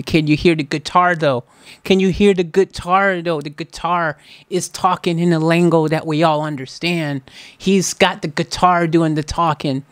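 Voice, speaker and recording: Music reaction host, casual joking commentary, teasing, mid-pitched voice, dry close sound. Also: steady tone, normal speed, clear, resonant tone, no echo. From United States. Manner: playful, teasing, joking to viewers.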